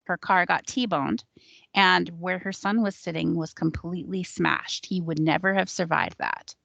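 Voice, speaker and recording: A woman with a fairly low voice tells a personal story in a relaxed, conversational manner, with plenty of ums and likes. The recording is dull and lo-fi, with a dry sound and no room echo. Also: unhurried, vocal fry. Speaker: psychic sharing her experiences on a panel show.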